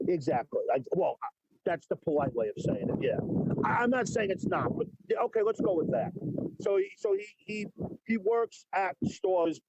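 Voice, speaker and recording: A man's voice: high voice, very animated, normal speed, gravelly, darkish tone, husky, dull audio. A man being interviewed about his songs, rambling and repeating words in a stop-start way. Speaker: interview guest, musician. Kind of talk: casual interview chat.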